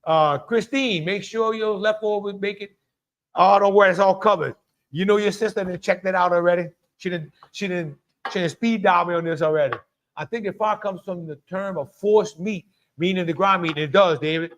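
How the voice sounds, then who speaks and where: A man's voice: sits high, moderate pace, fairly bright tone. A middle-aged man hosts a live cooking stream in a chatty way, greeting viewers by name and laughing often. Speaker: cooking show host.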